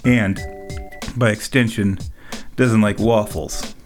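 A man's voice: lowish voice, steady tone, slow, faint music behind. Rambling, jokey man telling a story. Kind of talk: casual monologue.

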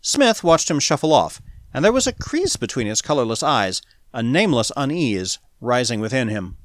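An expressive male audiobook narrator speaks at a moderate pace in a mid-range voice. The studio sound is clean, with no room sound.

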